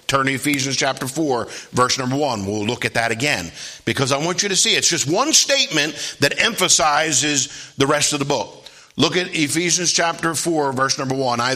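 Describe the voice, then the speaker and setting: Man preaching, bright voice, slightly high, emphatic, repeats key lines, slow scripture reading. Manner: emphatic preaching, frequent call-and-response "Amen?", repeats key phrases; reads scripture slowly and deliberately. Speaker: pastor. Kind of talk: sermon.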